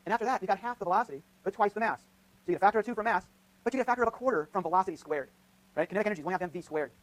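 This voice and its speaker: Racing along in a high-pitched voice, this man is a physics professor lecturing in a lecture hall. As he runs a live demo, he reasons aloud, starts over again and again, and peppers his talk with "right?" checks.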